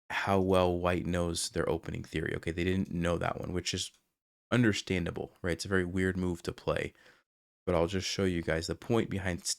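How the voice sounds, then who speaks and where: A man's voice: deep voice, dry recording, studio quality. A young man talking through his own chess game as he plays it, his voice still recovering after he lost it while sick. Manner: explains moves aloud as he plays. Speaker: chess streamer. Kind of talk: casual game commentary.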